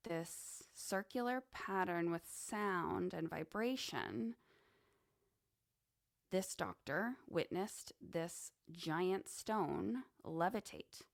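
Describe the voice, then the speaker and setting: Woman host rambling slow and thoughtful, bit of vocal fry, dry mic. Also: on the low side, no room sound. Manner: slow, musing, conversational with asides. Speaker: podcast host. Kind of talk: casual monologue on esoteric topics.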